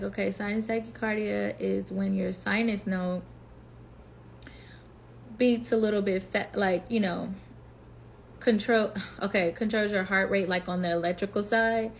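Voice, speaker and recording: A woman's voice: medium pitch, a little slow, gravelly, slight background noise. A woman in her twenties telling a personal story in a casual, chatty vlog, acting out what she thought and said. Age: 20s. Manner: chatty, animated retelling with quoted inner voice. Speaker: vlogger.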